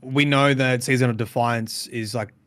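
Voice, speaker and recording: A man talking casually on a podcast, working through ideas as he goes with lots of "like" and "you know". His voice sits at a middle pitch and sounds close and dry, with little room sound. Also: steady tone, normal speed, a bit bright, no echo. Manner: speculative, hedging with fillers. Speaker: podcast co-host. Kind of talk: casual chat.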